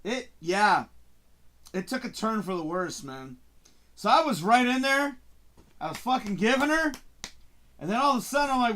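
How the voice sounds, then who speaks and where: A man hosting a casual live-stream chat, talking through a movie he watched. His voice sits high for a man and swings widely in pitch. He is excitable and swears freely, acting out his own reactions as he goes. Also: normal speed, long pauses. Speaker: host.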